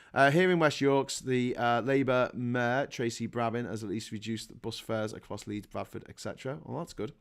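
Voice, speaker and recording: A middle-aged man with a Liverpool accent, hosting a casual livestream, sarcastic and full of swearing as he rants and reads out chat messages. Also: medium pitch. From England. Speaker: livestream host.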